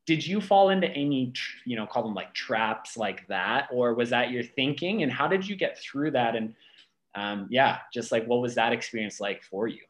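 A man's voice: medium pitch, expressive, normal speed. A man hosting a podcast, easygoing and reflective, talking loosely with many fillers. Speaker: podcast host. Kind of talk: casual podcast conversation.

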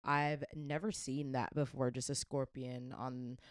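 Low-voiced woman, casual chatter. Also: flat delivery, measured pace, dry recording, studio quality. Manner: chatty, many fillers and restarts. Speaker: podcast co-host. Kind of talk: casual chat.

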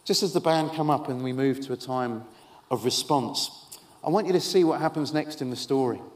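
A man preaching a sermon to an audience, telling a story with lively, wry humorous asides. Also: medium pitch, a little fast. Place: event hall with an audience.

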